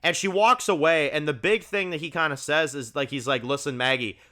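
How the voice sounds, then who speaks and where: Bright-voiced man rambling about a TV episode. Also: on the high side, expressive, brisk. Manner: rambling and enthusiastic, heavy on "like" and "you know". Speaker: TV review channel host. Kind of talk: casual spoken episode review.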